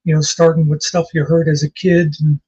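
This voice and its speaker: A man in his sixties with a husky voice, chatting casually as a host and telling rambling jokes and memories. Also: on the high side, little pitch movement, a little fast, dark tone. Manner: rambling storyteller, laughs at his own jokes. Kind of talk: casual chat. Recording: dull lo-fi recording.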